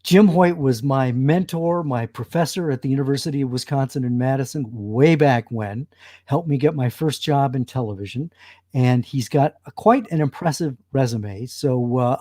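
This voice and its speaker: A man's voice: mid-range voice, normal speed, mellow, no echo. A man hosting a one-on-one interview, reading his guest's background with some fillers and restarts. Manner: reads guest bio with fillers and a laugh. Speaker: interview host. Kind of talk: conversational interview.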